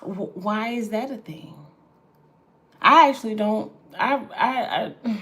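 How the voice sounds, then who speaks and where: Woman, 40s, livestream host and spiritual reader; candid, salty and chatty, middle-pitched voice. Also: a little slow, fairly bright tone. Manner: candid and swears freely, drifts into tangents. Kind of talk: casual livestream chat.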